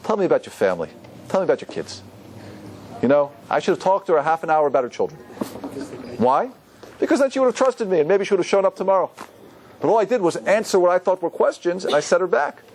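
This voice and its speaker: A man's voice: high-pitched, quick pace, a little hiss or hum. A man, a rabbi, teaching a Torah class and asking his listeners questions. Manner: animated, asks the audience questions.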